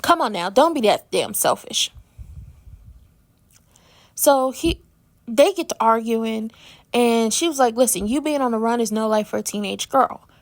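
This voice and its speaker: A woman's voice: on the high side, animated, unhurried, long pauses. A woman hosting a casual soap opera recap, chatty and sassy, acting out the characters' lines in her own voice.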